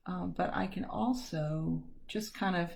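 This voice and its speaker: A woman's voice: on the low side, unhurried, gravelly, darkish tone. A woman teaching a live step-by-step painting lesson from home, chatty and self-deprecating, with corny jokes. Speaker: art teacher.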